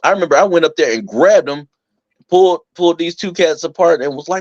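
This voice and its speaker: A young man chatting casually on a podcast, telling stories with lots of laughter and acting out quotes in a higher voice. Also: a little fast, no room sound, lo-fi sound. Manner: animated storyteller, acts out quotes in a higher voice, laughs often. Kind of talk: casual chat.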